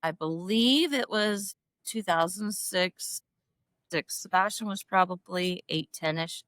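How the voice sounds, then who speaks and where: A middle-aged woman telling a personal story as a podcast guest, animated and emotional, acting out quoted dialogue in a higher voice. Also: smooth, dry recording. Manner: emotional, self-described crier. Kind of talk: casual storytelling interview.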